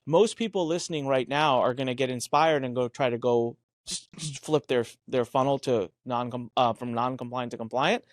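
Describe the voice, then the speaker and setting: A man's voice: medium pitch, moderate pace, no echo, clean studio sound. A man co-hosting a business podcast, telling stories emphatically, acting out quoted dialogue and swearing casually. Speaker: podcast co-host. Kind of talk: animated business podcast chat.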